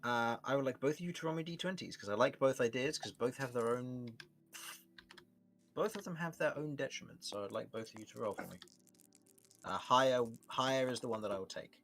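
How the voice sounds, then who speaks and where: Relaxed young man running a tabletop game. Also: mid-range voice, a little fast, gravelly, slight background noise. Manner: relaxed, laughs often, restarts sentences. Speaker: game master.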